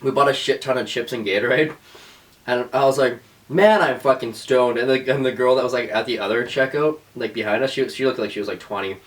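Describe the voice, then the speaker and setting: A young woman co-hosting a casual podcast chat, sarcastic and animated, laughing often and acting out the people in her stories. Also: rumbling low, fast, far from the mic. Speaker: podcast co-host.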